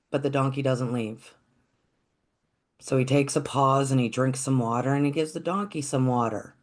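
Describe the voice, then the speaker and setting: A storyteller telling a folktale in a gentle, reflective, unhurried way. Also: mid-range voice.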